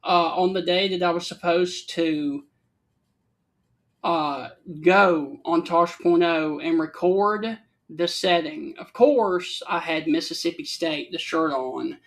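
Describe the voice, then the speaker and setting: A man from Alabama with a Southern accent, co-hosting a casual talk show and telling stories in an easygoing way. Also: a little high. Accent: Southern American. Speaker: co-host. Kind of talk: casual chat.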